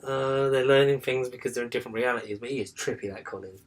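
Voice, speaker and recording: A man's voice: mid-range voice, fast talker. A man co-hosting a podcast in casual chat, rambling with lots of "like" and "um.". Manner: rambling, full of fillers like "like" and "um". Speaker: podcast co-host.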